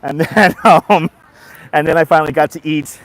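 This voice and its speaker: A man's voice: fairly high pitch, normal speed, no room sound. A man telling a story on a casual livestream while walking outdoors on a boardwalk, greeting his viewers by name as he talks. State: tired after a nap. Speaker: vlogger.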